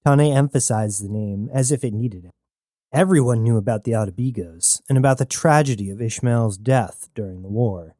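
Mellow, dry-voiced male story narrator. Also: medium pitch, normal speed, no echo. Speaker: audiobook narrator.

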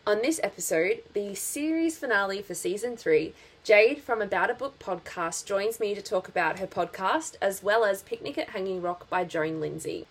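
A woman with an Australian accent hosting a podcast, chatting casually with many ums and restarts. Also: medium pitch. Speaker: podcast host. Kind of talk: casual chat.

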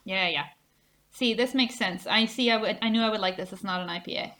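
A woman's voice: medium pitch, quick pace, bright, forceful tone. A woman co-hosting a casual beer-tasting podcast, chatty and laughing, swearing now and then. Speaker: podcast co-host.

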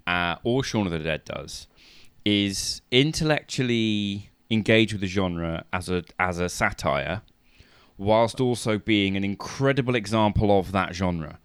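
A man co-hosting a casual podcast chat, chatty and quick to laugh, weighing up a film's writing in an analytical way. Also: on the low side, clean tone, dry recording. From Gloucestershire, England. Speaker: podcast co-host.

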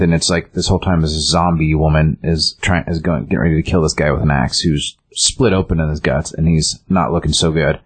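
A man's voice: a bass voice, fairly even intonation, fairly quick, few pauses, husky. A man co-hosting a casual comic book chat, rambling through a story summary with many restarts. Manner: rambling, restarts often, loose summary with quoted lines. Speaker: comic book show co-host.

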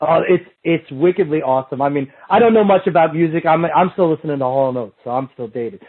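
A fast-talking middle-aged man guests on a podcast, his voice a little high and husky. In casual storytelling chat he rambles, restarts often, and slips into other people's voices for quotes, with the audio sounding thin and phone-like from a remote line.

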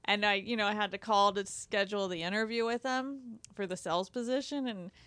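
A woman with a mid-range voice talks frankly in a relaxed chat, handing out blunt advice and laughing easily. The sound is dry and close, with little room in it. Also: medium pitch, fairly quick, dry recording. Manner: frank, chatty, laughs often. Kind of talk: casual chat, giving advice.

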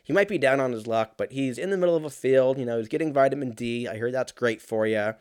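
A man in his early thirties telling a rambling, profane story in a casual, animated way, full of fillers. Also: medium pitch, fast talker, clear, resonant tone, dry recording, studio quality. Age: 30s.

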